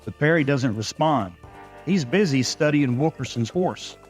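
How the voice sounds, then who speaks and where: A man's voice: mid-range voice, animated, measured pace, faint music behind. A man narrating a first-person ranch story in a dry, folksy way, with a Texan accent.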